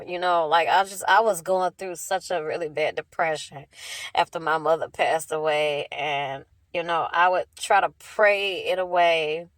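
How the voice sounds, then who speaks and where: A woman's voice: low-pitched, fairly even intonation, a little slow, no echo. A young adult woman and mother in an emotional personal rant, rambling and repeating herself. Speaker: mother of two.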